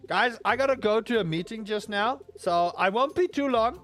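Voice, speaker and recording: Brief: young guy, high-pitched, animated storyteller, rambling chat over soft game music. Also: normal speed, few pauses. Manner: animated storyteller, exaggerated outbursts, rambling asides. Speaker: gaming YouTuber. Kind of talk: casual chat while playing a game.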